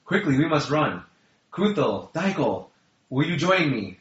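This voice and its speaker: A man doing a squeaky-voiced dwarf leader. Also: big pitch swings, unhurried, echoey room, dull audio. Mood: urgent. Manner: silly squeaky-high voice. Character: male dwarf leader, urgent and commanding.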